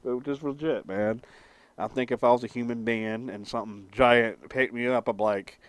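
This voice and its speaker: A man's voice: mid-range voice, fairly even intonation, normal speed, long pauses, a little hiss or hum. Rambling young man with loose slang. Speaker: vlogger. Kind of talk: casual vlog chat.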